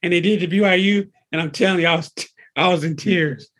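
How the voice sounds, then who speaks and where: Fired-up trainer guy in his 50s, high husky voice, keeps repeating himself. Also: fast talker. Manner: excitable, emphatic, repeats himself. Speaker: personal trainer. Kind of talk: casual interview talk.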